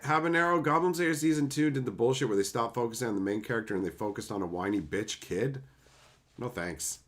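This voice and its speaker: A man chatting casually on a livestream and answering chat, animated and swearing freely in loose run-on asides. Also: medium pitch. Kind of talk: casual live-stream chat.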